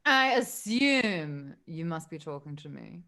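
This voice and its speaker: A woman's voice: sits low, big pitch swings, slow pace, pushed and bright, full character voice. Snooty greedy tavern guy put on by a woman, drawls, looks down on everyone. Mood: disdainful. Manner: haughty, disdainful drawl.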